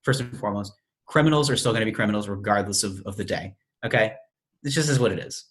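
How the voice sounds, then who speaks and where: A young adult man with a somewhat low voice chats on a podcast in a laid-back way. He is opinionated and swears casually as he talks things through with his co-host. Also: quick pace, a bit bright.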